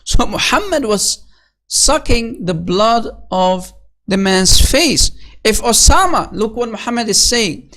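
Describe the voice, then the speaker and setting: A sarcastic solo commentator who reads source titles and numbers aloud, then sneers at what they say. The delivery is scornful and mocking, padded with "basically" and "you know". The voice sits at a middling pitch. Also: animated, takes it slowly, fairly bright tone. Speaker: online religious critic. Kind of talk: solo commentary reading and mocking religious texts.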